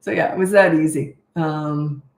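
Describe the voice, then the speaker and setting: A woman's voice: low-pitched, moderate pace, darkish tone, echoey room. An older woman, a parenting coach, chatting and telling stories while answering questions live. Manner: chatty storytelling, acts out voices in anecdotes. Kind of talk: live Q&A chat.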